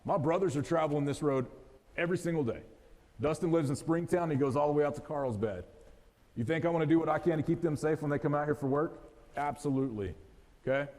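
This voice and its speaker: This thirtysomething motivational speaker from West Texas talks fast in a slightly mellow voice on the high side, his West Texas accent coloring a joking, folksy talk aimed straight at a live audience. It's recorded in an event hall with a long reverb tail.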